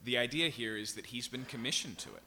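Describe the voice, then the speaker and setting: Man, pastor, expository sermon, emphatic, asks "right?" often, very bright tense voice, long hall reverb. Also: mid-range voice, fast talker, slight background noise. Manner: emphatic, keeps asking the congregation "right?" and "okay?".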